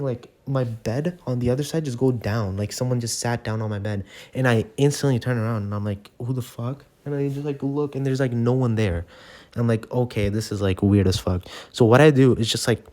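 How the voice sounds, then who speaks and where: Male gamer storyteller, rambling casual delivery full of fillers, mellow voice, mid pitch. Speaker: gaming channel storyteller. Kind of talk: casual storytime over gameplay.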